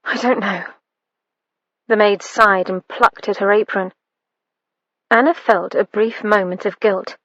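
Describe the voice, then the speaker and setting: A woman reading an audiobook in a measured, even storytelling manner. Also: medium pitch, no room sound, dull audio. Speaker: audiobook narrator. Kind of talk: scripted narration.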